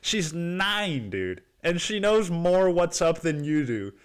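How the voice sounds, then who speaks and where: A man's voice: a little high, sing-song, slow pace, clean tone. A young man with the sniffles hosting his podcast in a rambling, profane, slangy monologue. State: sniffly with a cold. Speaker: podcast host.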